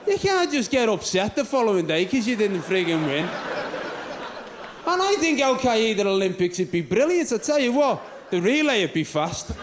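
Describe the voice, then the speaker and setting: A man's voice: high voice, very animated, normal speed, noisy background. A man from England doing a stand-up comedy set on a club stage, rambling and sweary with mocking asides.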